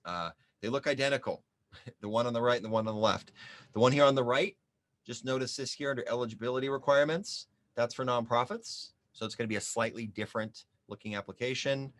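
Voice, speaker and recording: With a mid-range, slightly bright voice and a quick pace, a man shows viewers an online application over screen share. He's the small business advisor, chatty and joking as he thinks aloud while typing.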